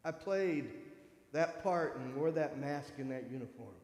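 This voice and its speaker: Fifties man from northern Michigan, lively storyteller who acts out others' voices; fairly high voice, long church reverb. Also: unhurried. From northern Michigan, USA. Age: 50s. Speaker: guest speaker at a church service. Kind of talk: personal testimony. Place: church sanctuary. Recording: echoey hall with long reverb.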